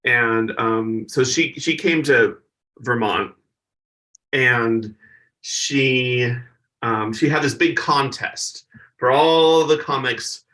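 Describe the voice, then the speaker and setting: Slow and medium-pitched, a man heard from far off the mic tells stories as a guest in a laid-back interview. He is a stand-up comedian, and he animates his anecdotes by performing the people he quotes.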